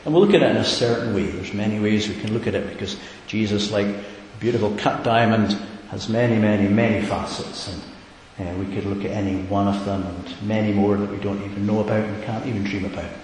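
A man preaches in a low, earnest voice that builds to emphatic repeated questions. His voice rings with a long echo off a large hall. A faint hiss runs beneath it. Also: a little fast, hardly any pauses, darkish tone. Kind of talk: sermon. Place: church hall.

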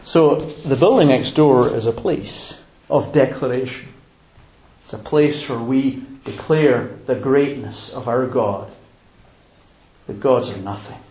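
Slow, deliberate pastor, roomy sound. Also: male voice, mid-range voice, dark tone. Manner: emphatic, with slow deliberate pauses. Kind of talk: sermon. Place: church. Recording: roomy church hall.

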